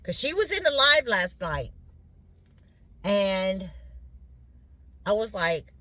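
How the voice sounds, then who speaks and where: A woman's voice: medium pitch, lively intonation, slow, pauses often, fairly bright tone, dry recording. A middle-aged woman with a Southern US accent, chatting casually to her viewers as y'all, her voice a bit congested from sinus drainage. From Louisiana, US. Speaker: vlogger.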